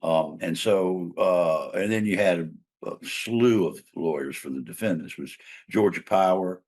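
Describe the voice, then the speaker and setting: A man's voice: low voice, unhurried, darkish tone. An older man, a trial lawyer and mediator, telling a long case story in a casual interview, rambling with fillers and restarts.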